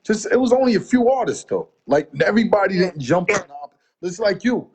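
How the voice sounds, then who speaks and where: A man's voice: high-pitched, fairly quick. A middle-aged man from the Boston area chatting on a video call as an interview guest, rambling through stories and acting out what people said. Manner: rambling, animated storytelling with quoted asides. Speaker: music promoter, interview guest. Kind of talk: casual interview chat.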